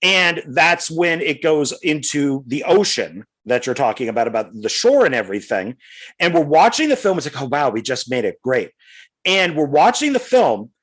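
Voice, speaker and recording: A middle-aged man co-hosting a podcast, telling a rambling story in a casual, animated way. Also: fairly high pitch, moderate pace. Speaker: podcast co-host.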